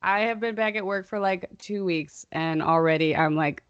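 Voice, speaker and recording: A woman's voice: lowish voice, normal speed, clear, resonant tone, no room sound, highs cut off. A young woman co-hosting a casual chat podcast, rambling and playfully sarcastic. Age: young adult. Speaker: podcast co-host.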